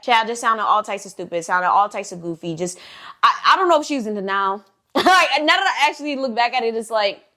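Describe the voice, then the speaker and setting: A young woman vlogger telling a story casually, animated and sassy with frequent asides. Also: medium pitch, a little fast.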